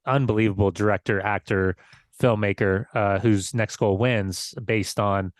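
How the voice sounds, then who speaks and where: A man co-hosting a podcast, a former player chatting casually, relaxed with halting restarts. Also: fairly low pitch, no room sound, studio quality. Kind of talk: casual chat.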